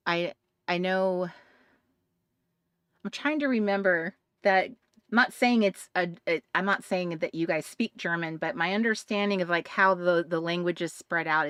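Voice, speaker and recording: A woman's voice: fairly low pitch, fairly bright tone, clear, resonant tone, no room sound, clean studio sound. Chatty Boston-accented woman streaming. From New England, United States. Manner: chatty, laughs often, many restarts and asides to chat viewers. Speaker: craft livestream host. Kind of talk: casual livestream chat while crafting.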